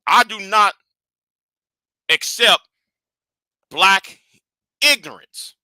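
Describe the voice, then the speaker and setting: A man hosting a livestream, scolding and animated in a profane rant that swings from shouting to hushed. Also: high voice, extremely slow, clear, resonant tone, no room sound. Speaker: livestream host.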